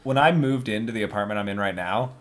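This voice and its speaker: A man's voice: fairly low pitch, fast. A man in his twenties, chatting casually on a podcast, rambling and laughing often as he tells stories. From Canada. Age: 20s. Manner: laughing, swearing, rambling storyteller. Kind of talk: casual chat.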